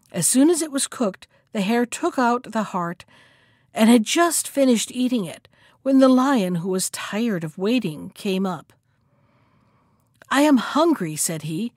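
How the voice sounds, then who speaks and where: A woman reading a folktale aloud as a storyteller, lively in the quoted lines. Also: on the high side, no echo, clean studio sound. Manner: expressive, acts out the characters' lines.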